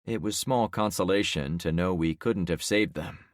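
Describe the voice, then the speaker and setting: A man narrating a first-person audiobook with lively, dramatic storytelling. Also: low-pitched, normal speed, no room sound, clean studio sound.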